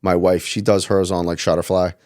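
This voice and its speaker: Middle-aged male co-host, low-set voice, loose rambling delivery. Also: little pitch movement, fairly quick, a little mellow. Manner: rambling, heavy filler words. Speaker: podcast co-host. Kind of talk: casual chat.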